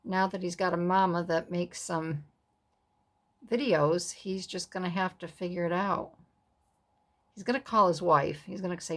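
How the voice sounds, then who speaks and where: A woman's voice: fairly low pitch, fairly even intonation, normal speed, long pauses, fairly bright tone. A middle-aged woman hosting a casual crafting tutorial, chatting in rambling, self-amused asides as she works. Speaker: craft video host.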